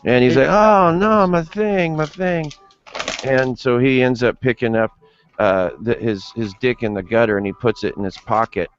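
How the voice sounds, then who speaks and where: A man's voice: lowish voice, fairly even intonation, a little fast, a little hiss or hum. A man in casual livestream chat, rambling and profane, telling a crude joke over lo-fi stream audio. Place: home livestream.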